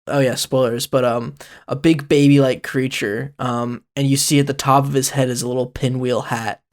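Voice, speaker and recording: A man's voice: medium pitch, little pitch movement, normal speed. A man narrating as game master of a comedic tabletop game, rambling and playful.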